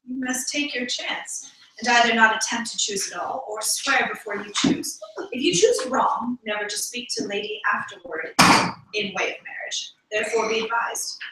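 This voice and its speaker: A woman's voice: fairly high pitch, animated, background noise. A woman reading a composed noble lady. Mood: formal. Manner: measured, formal. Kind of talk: live read-aloud of a play. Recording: echoey room, distant mic.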